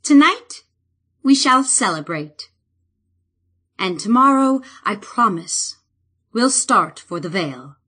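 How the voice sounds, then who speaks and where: A woman voicing an earnest, devoted young woman druid in an audiobook, speaking softly and heartfelt. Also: medium pitch, big pitch swings, takes it slowly, pauses often, slightly rough, heavily acted. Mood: hopeful.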